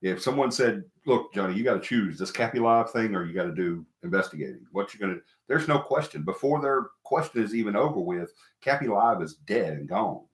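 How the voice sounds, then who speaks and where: A man's voice: fairly low pitch, expressive, fairly quick, hardly any pauses. A middle-aged man hosting a casual live stream, talking to viewers in a rambling, emphatic way and repeating himself. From American South. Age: middle-aged or older. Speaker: host of a paranormal live stream. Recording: echoey room.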